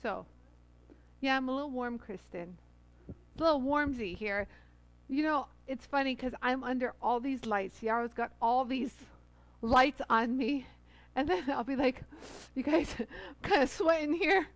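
A high-voiced woman from the Los Angeles area speaks unhurriedly, with long pauses and no room sound. Hosting a live stream of jewelry tools at a studio bench under bright lights, she chats casually and effusively greets each viewer in turn.

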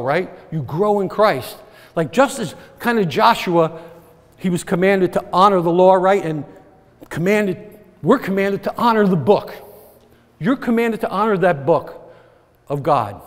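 A man preaching a sermon in a fairly high voice. He is earnest and circles back over his points, often turning to the congregation for agreement. His words trail off into a long reverb, as in a big church sanctuary. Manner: earnest, repetitive, asks the congregation "right?". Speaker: pastor.

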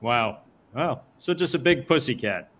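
Male host, mid-pitched, easygoing questioner with fillers. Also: animated, measured pace, a bit bright. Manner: prompting questions with hesitant fillers and laughs. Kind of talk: live-stream interview.

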